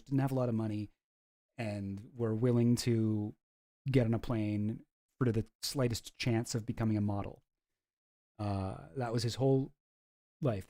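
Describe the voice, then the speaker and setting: A man's voice: mid-range voice, mellow. A man giving casual, sarcastic commentary on photos, rambling and swearing freely. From Canada. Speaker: online commentator.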